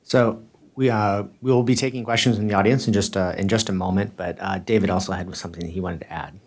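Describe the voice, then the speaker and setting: Low-pitched male moderator, halting and rephrasing. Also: steady tone. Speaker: panel moderator. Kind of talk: moderating a panel. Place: conference panel.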